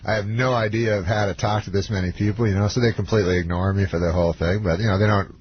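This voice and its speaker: A man, a comedian guest, telling a long rambling story in casual talk, full of halting fillers. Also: on the low side, fairly even intonation. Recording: dull lo-fi radio broadcast with faint noise.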